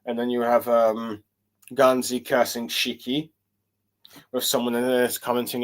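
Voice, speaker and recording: Male manga reviewer, mid-pitched, halting and casual, lots of "um"s. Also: flat delivery. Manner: hesitant, many fillers and restarts while reading along. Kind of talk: casual solo chapter review.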